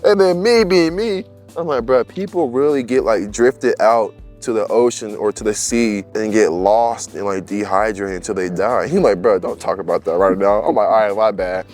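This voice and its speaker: A man's voice: fairly low pitch, normal speed, few pauses, a little mellow, soft background music. A young man telling a story in casual, slangy chat and laughing as he goes.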